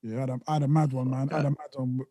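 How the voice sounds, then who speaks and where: A man's voice: mid-range voice, flat delivery, rapid-fire, warm tone, dry recording. A man hosting a podcast in casual chat, talking in laid-back slang and laughing often. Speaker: podcast host.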